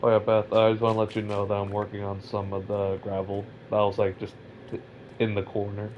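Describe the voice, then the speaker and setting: A young man from California with a lowish voice rambles through casual game chat, tripping over his words and poking fun at himself. The sound is a little dull and lo-fi, with a faint hiss behind it. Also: fairly quick. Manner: rambling, self-mocking, stammers when excited. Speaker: Minecraft player.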